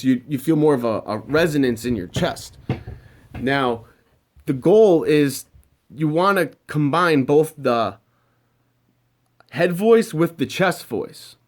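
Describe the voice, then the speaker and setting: A young man talking casually as a vocal coach, loose and conversational, with many fillers as he explains singing technique. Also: on the high side. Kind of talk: casual teaching talk.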